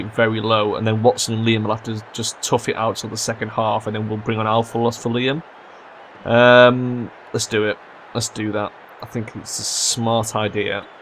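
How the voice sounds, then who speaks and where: A young man narrating his football management game for viewers. His voice sits in a middle pitch and turns loud and exasperated when his players blunder, with plenty of swearing. Faint noise hums behind him. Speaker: gaming commentator. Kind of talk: let's play commentary.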